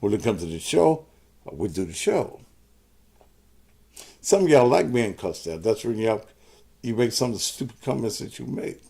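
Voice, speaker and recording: Male host, gravelly mid-pitched voice, blunt and foul-mouthed with his audience. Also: big pitch swings, moderate pace, pauses often, dark tone. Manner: profane, combative, cusses out viewers. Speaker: host of his own show. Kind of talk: live-stream monologue to commenters.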